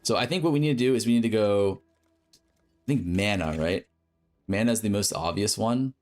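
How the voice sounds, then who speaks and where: Over soft background music, a streamer with a lowish, darkish voice and moderate pace explains his crafting strategy for a game. He thinks aloud casually and corrects himself along the way.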